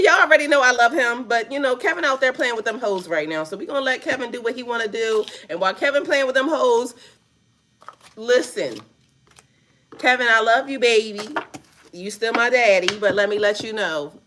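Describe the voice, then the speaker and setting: A woman giving casual, profane reaction commentary on a news clip, laughing often and talking in a loud, playful way. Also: fairly high pitch, animated, a little fast.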